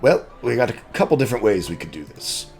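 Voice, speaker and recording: A man's voice: medium pitch, sing-song, fast, creaky, a little mellow, faint music behind, voice pushed up. A man voicing a young hipster dwarf gem cutter, trendy and self-assured, with a breezy surfer-ish drawl. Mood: businesslike. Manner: breezy and boastful about new styles.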